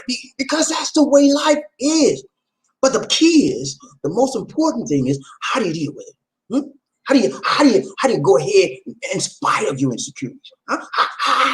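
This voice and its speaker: A man hosting a casual live-stream talk about relationships, animated, repeating phrases and calling out to his viewers. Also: sits high, low-quality recording.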